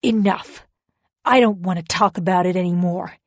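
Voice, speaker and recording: Woman voicing a defensive, shouting husband. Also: on the low side, moderate pace, no room sound. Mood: furious. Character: angry self-pitying husband, grown man.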